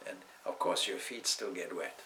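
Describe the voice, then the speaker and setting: A man's voice: low voice, normal speed, pushed and bright, slight background noise, rough recording. A man, a swami, giving a spiritual talk indoors in a discursive way, weaving in stories and side remarks. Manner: discursive, with asides and restarts.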